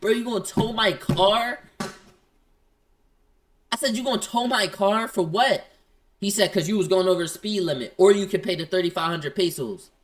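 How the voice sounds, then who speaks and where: A man telling a story in casual slang, acting out both sides of an argument in quick quoted lines. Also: high-pitched.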